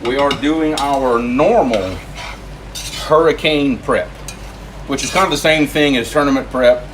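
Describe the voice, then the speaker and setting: A man's voice: medium pitch, a little slow, noisy background. A man hosting a casual live stream from his home kitchen, joking while he cooks. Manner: joking, easygoing, tells jokes. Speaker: livestream host.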